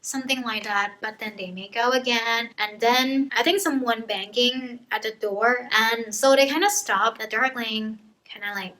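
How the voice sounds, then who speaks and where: A bright-voiced woman rattles through a casual book summary in a loose, playful, chatty way. Her pitch sits a touch high, and her tone is vivid and forward. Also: steady tone, moderate pace, low-quality recording. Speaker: book vlogger.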